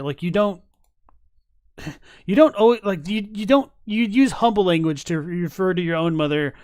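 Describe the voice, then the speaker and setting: A man with a high, smooth voice talks casually as a streamer reacting to videos. He is chatty and rambling, with fillers, restarts and laughs. The sound is close and dry. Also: dry recording.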